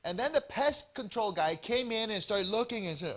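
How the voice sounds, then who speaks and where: A man's voice: high-pitched, moderate pace, hardly any pauses. A man giving an informal health seminar talk at a church event, storytelling with lots of expression and acted-out bits. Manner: animated storytelling with acted-out voices.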